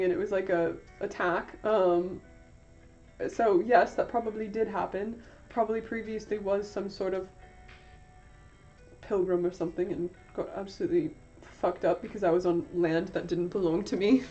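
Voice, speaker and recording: A woman's voice: mid-range voice, darkish tone. A tired young woman chatting on a livestream in a put-on British accent, rambling and self-mocking. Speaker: livestream host. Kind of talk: casual livestream chat. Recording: dull lo-fi sound, faint music behind.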